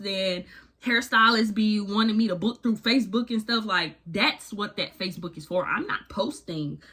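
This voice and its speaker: A young woman telling a candid storytime in a casual, slangy, animated way. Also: mid-range voice. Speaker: vlogger.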